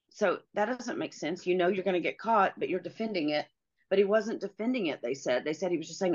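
Woman, middle-aged, very low voice, earnest, halting, dull lo-fi sound. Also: lively intonation. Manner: earnest, halting, many pauses and fillers. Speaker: guest. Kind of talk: personal storytelling.

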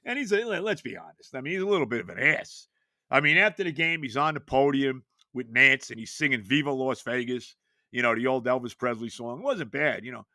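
A man's voice: mid-range voice, animated, a little fast, pushed and bright, dry recording, studio quality. A man in his later years hosting a sports podcast, talking casually and with emphasis, often asking rhetorical questions. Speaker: podcast host.

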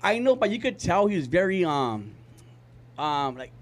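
A man's voice: high voice, sing-song, normal speed. A man telling a long story in casual podcast chat, rambling and profane, with many fillers. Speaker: podcast co-host.

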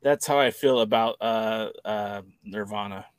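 A man's voice: lowish voice, measured pace, clean tone, no room sound. A man co-hosting a podcast, talking casually in a rambling, opinionated way that often corrects itself mid-sentence. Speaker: podcast co-host. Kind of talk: casual chat.

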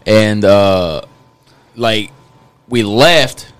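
A man's voice: lowish voice, very slow, clear, resonant tone. A man hosting a podcast, telling a bar story in loose casual chat with lots of fillers. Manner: relaxed, rambling with many fillers. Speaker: podcast host.

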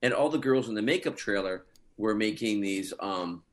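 A middle-aged guest actor with a fairly low voice tells funny behind-the-scenes stories at a normal speed. He's casual and animated, chuckling often.

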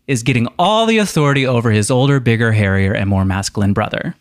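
A wry, campy male podcast co-host with a mid-pitched voice who swaps between joking commentary and straight scripture reading. His voice is close-miked and dry, with no room sound. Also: lively intonation, fairly quick, few pauses, dry recording. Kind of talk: casual chat and scripture reading.

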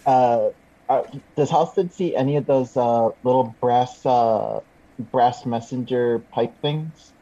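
A man's voice: mid-range voice, takes it slowly, dark tone, lo-fi sound. A man playing a tabletop game, asking hesitant questions full of fillers. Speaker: player. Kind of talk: casual tabletop game talk.

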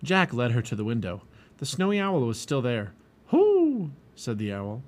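A man reading a children's storybook aloud in an expressive, lively way. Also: mid-range voice, brisk. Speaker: storybook reader.

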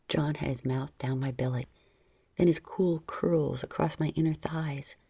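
A woman reading a first-person story in a low, breathy, half-whispered intimate voice, close to the mic. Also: steady tone, a little slow, warm tone, no room sound. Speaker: narrator.

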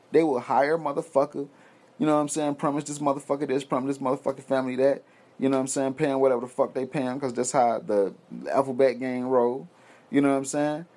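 A man's voice: medium pitch, mellow. Profane, heated man ranting. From United States. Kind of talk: ranting monologue.

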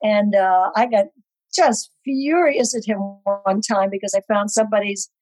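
A woman in her eighties, a guest on a talk show, telling a story from her past with wry, lively asides. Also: mid-range voice, a little slow, dry recording, soft background music, low-quality recording. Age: 80s. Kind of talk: casual storytelling chat.

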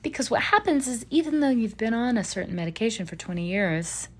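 A woman's voice: a little high, animated, a little fast. Middle-aged woman, podcast co-host; candid, emotional, meandering delivery. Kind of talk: casual chat.

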